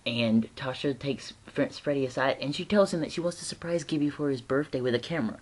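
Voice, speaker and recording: Guy rambling thru a tv episode recap, chatty, laughs a lot, middle pitch. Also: a little fast. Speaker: TV episode reviewer.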